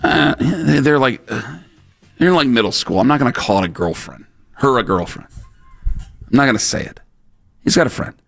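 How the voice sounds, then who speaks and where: A man's voice: mid-range voice, animated, normal speed, gravelly, pauses often, a bit bright, faint music behind. A man hosting a sports radio show, telling a rambling story in casual banter with lots of fillers. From Ohio, USA.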